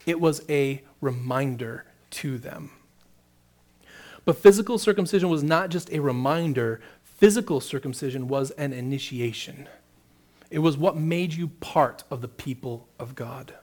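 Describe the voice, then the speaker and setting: A man's voice: mid-range voice, measured pace, darkish tone. A man preaching a sermon, reading scripture aloud and then explaining it with rising emphasis. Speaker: pastor.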